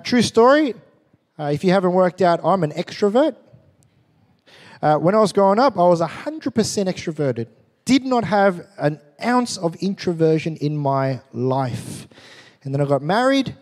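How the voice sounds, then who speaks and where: A man, preaching a sermon as a pastor with an animated, joking storytelling manner. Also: fairly high pitch, long reverb tail.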